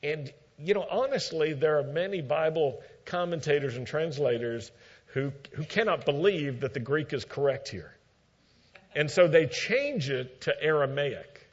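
A man preaching a sermon, teaching in a measured way and acting out quoted lines with emphasis. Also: a little high, animated, slightly rough, dull audio.

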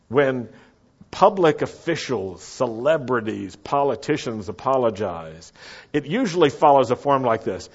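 A man preaching a sermon, slow and deliberate, repeating key phrases for the congregation to say back. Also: medium pitch, lively intonation, breathy edge, muffled recording. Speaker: pastor.

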